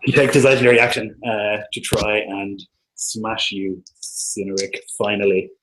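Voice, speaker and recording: A man's voice: lowish voice, little pitch movement, measured pace, a bit bright, low-quality recording. A man narrating as dungeon master of a tabletop game, loose and hesitant, full of ums and likes.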